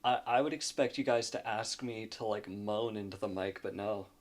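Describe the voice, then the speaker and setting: A man streaming live from home into a desk mic, joking with his chat in loud, profane banter and laughing often. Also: lowish voice, moderate pace. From Louisiana.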